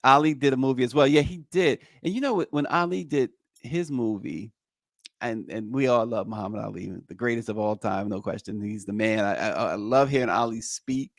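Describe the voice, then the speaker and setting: A man's voice: mid-range voice, fairly quick, dry recording. Chatty male news show host, dry sound. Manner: chatty, many fillers and restarts. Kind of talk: news talk and casual commentary.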